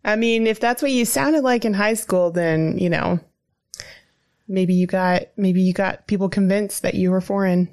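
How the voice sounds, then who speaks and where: A woman's voice: mid-range voice, normal speed, a little mellow, no room sound. A woman co-hosting a podcast, teasing in casual chat.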